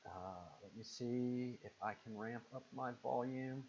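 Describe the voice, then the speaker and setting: A man's voice: measured pace, darkish tone, slight background noise. A man with a Southern accent hosting a live stream, reading out viewer comments and answering them casually with lots of fillers. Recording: muffled low-fidelity stream audio.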